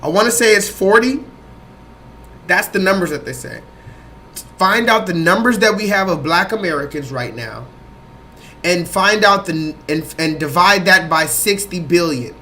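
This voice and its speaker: A man hosting a livestream, talking loosely and profanely to his chat in a rambling, animated way. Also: high-pitched, unhurried, slight background noise. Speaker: livestream host. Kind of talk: livestream commentary.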